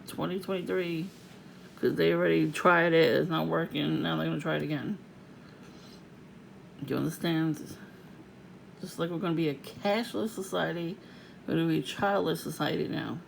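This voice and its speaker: A woman with a low, gravelly voice vents in an angry, profanity-laced rant to camera. She swears nonstop and leaps into shouts and mocking sing-song. A faint hiss of noise sits behind her. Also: rough recording. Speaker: vlogger.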